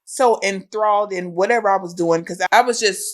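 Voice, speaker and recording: A pregnant woman co-hosting a podcast and telling a story in casual chat. Her voice sits at a middle pitch, and she animates the story by acting out what other people said. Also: brisk. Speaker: podcast co-host.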